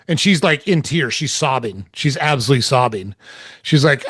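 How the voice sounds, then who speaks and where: A man's voice: on the high side, animated, a little fast, fairly bright tone, no room sound, studio quality. A middle-aged man telling a personal story in candid, casual chat as a podcast guest, swearing freely. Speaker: podcast guest, relationship coach.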